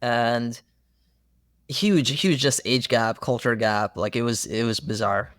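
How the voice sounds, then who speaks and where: A man's voice: medium pitch, takes it slowly, fairly bright tone, no room sound, studio quality. A young man in a casual podcast conversation, telling stories earnestly and animatedly, with many fillers. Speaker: therapist guest.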